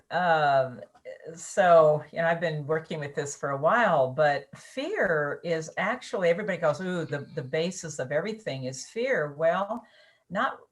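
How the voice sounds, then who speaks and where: A woman co-hosting a casual spiritual chat, explaining ideas in a reflective, searching way. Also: fairly low pitch. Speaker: co-host.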